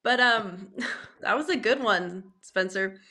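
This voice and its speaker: A woman speaking as a guest on a podcast, relaxed and quick to laugh. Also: medium pitch. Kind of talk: casual podcast conversation.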